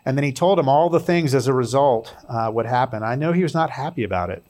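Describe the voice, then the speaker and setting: A man's voice: medium pitch, lively intonation, fast talker, darkish tone. Man preaching a conversational sermon. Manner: conversational preaching with personal stories and humor. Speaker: pastor.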